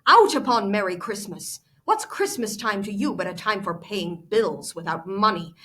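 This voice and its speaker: Bitter old miser, scornful and sharp; a teacher puts him on while reading to class. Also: female voice, mid-range voice, expressive, moderate pace, close to an everyday voice.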